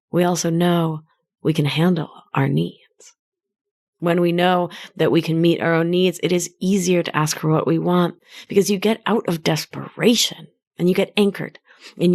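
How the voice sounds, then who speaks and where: A woman hosting her own podcast as a life coach, speaking in a gentle, affectionate coaching tone. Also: lowish voice, creaky. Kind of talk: solo podcast monologue.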